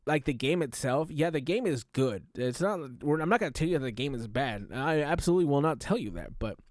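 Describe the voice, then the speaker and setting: A man streaming a reaction, talking casually in a loud, animated showman way. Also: a little high, brisk, dry recording, clean studio sound.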